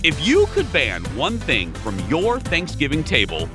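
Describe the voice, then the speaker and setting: A lively male talk show host, his pitch swinging up and down as he chats. He talks in a fairly high voice and laughs easily, with music playing in the background. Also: unhurried. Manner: animated and chatty, laughing often. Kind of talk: casual chat.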